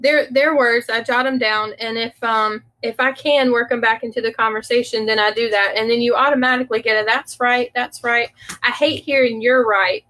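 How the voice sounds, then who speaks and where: Southern woman co-host, a bit high. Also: steady tone, fairly quick, hardly any pauses, fairly bright tone, poor audio. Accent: Southern American. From southern United States. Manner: friendly, chatty, lightly laughing. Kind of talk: casual business chat.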